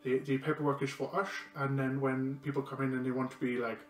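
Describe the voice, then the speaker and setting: A man's voice: medium pitch, level tone, fast talker, natural voice. A man voicing a flustered male clerk who rambles hesitantly, recorded in a roomy space from a distance with faint music behind. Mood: fumbling. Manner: rambling and hesitant, many ums.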